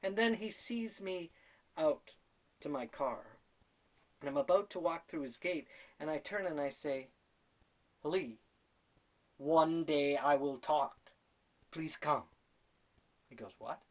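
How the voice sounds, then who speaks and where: A man's voice: on the high side, slow pace, pauses often. A man telling a personal story to camera, animatedly quoting conversations and laughing at himself. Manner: animated, quotes conversations in his own voice. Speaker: spiritual storyteller.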